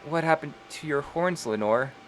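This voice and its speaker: A man voicing a gentle young woman just brought back to life, speaking softly and with tenderness. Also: mid-range voice, a little slow, a little hiss or hum, close to an everyday voice. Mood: bewildered.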